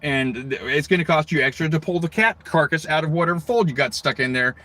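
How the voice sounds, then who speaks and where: A middle-aged American man rants on a livestream, swearing constantly and veering from one tangent to the next. His voice sits fairly high for a man and comes out bright and forceful. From United States. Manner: profane, ranting, heavy swearing, rapid tangents. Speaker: livestream host. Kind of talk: rambling livestream rant.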